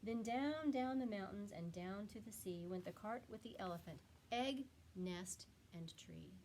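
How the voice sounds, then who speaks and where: A woman teacher reading a rhyming picture book aloud to children with expressive, animated storytelling. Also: mid-range voice, unhurried, a little hiss or hum.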